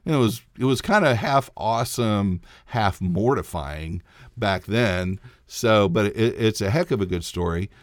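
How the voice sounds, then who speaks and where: A man with a somewhat low voice hosts his own podcast, spinning a long personal story in a loose, rambling way. He stumbles and restarts often and breaks into chuckles. The sound is dry and close, with no room around it. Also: lively intonation, measured pace, no room sound. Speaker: podcast host. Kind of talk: casual solo podcast storytelling.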